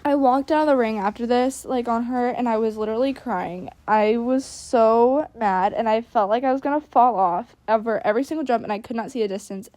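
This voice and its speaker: A woman's voice: fairly high pitch, fast talker, hardly any pauses, a little mellow, dry recording. A young woman giving casual, self-critical voice-over commentary on her riding videos, chatty and full of "like" fillers. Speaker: equestrian vlogger.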